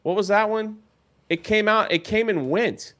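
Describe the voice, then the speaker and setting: A man with a fairly high, bright and forceful voice chats casually as co-host. He rambles, trails off mid-thought and often laughs through his words. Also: normal speed. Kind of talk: casual chat.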